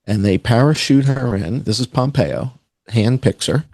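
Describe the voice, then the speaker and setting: Gravelly guy on a podcast, sarcastic and rambly, dry close mic. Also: medium pitch, expressive, unhurried, a little mellow, no room sound. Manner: sarcastic, rambling, mocking asides. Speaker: podcast guest. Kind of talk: casual conspiratorial chat.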